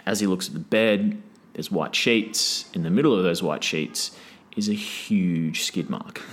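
A man's voice: lowish voice, fairly bright tone. A man telling a long, crude anecdote in a casual chat, swearing freely and breaking off with laughs and "right?" asides. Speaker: podcast guest. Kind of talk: casual storytelling.

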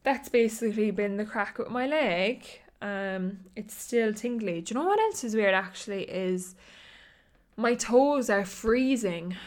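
A young Irish woman in her twenties talking in a loose, casual chat. She rambles and fills her sentences with "like", breaking into short laughs as she goes. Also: mid-range voice. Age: 20s. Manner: chatty and rambling, peppered with "like", laughs often.

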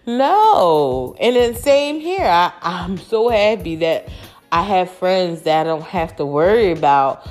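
A woman's voice: lowish voice, big pitch swings, slow pace, darkish tone, soft background music. A woman talking straight to camera in a frank, emphatic, casual monologue that has some swearing.

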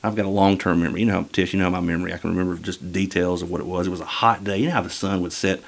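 A man hosting a casual podcast chat, rambling along with lots of filler pauses. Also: sits low, fairly even intonation, creaky. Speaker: podcast host.

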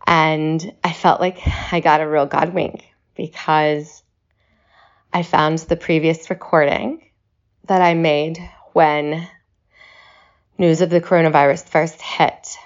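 Woman, short of breath, slow reassuring talk, low voice, dull lo-fi sound. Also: little pitch movement. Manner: slow, reflective, reassuring delivery. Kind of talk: personal video message.

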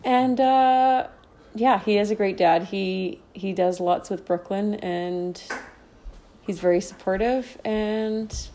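A woman's voice: mid-range voice, slow pace, slight background noise. A woman co-hosting a podcast, chatting casually in giggly banter. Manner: giggly, warm-hearted banter. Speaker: podcast co-host. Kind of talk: casual chat.

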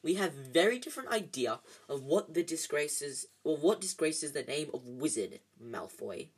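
A kindly, mild father wizard, as a reader puts him on, answering plainly and firmly. The voice is husky and even. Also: medium pitch, moderate pace.

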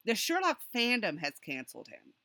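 A woman co-hosting a casual podcast, telling stories in an animated way and breaking into excited laughter. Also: a little high, fairly quick, no room sound. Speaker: podcast co-host.

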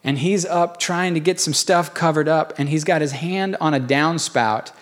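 Guy preaching, folksy storyteller, kinda high voice, chatty sermon. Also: normal speed. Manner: folksy storytelling, lively and conversational. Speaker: pastor.

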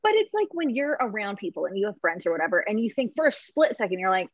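A young woman on a podcast, telling a personal story in emotional casual chat, halting with many fillers and laughing through tears. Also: medium pitch, very animated, no room sound. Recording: dull lo-fi sound.

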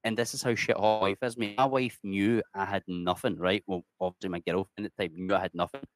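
A middle-aged Scottish man with a low voice talks briskly in a steady tone, with no room sound. He's an interview guest telling casual stories, chatting away, swearing freely, and often saying "mate."

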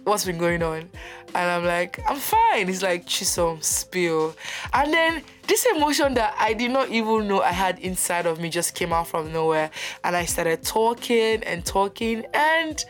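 A woman's voice: fairly low pitch, lively intonation, unhurried, soft background music. A young woman hosting her own podcast, talking candidly and animatedly about her personal life, often laughing. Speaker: podcast host. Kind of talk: personal reflective monologue.

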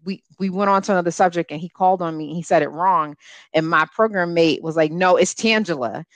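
A woman's voice: lowish voice, steady tone, fast talker. A woman co-hosts a casual podcast chat, speaking candidly with an exasperated edge. The sound is dry and close, with no room echo. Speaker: podcast co-host.

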